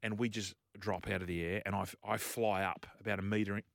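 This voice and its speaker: A man on radio, chatting casually and telling a lively story with frequent laughs. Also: on the low side, brisk, gravelly, dry recording, studio quality. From Australia. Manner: animated storyteller, laughing often. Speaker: radio host. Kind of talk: casual chat. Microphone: studio microphone.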